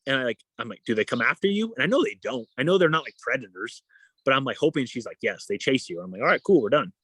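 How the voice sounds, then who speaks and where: A man's voice: medium pitch, fast talker, husky, no echo. A young adult man, a guest in a casual interview, telling a story and acting out the voices of the people in it. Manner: animated, acts out quoted dialogue. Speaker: guest, endurance athlete.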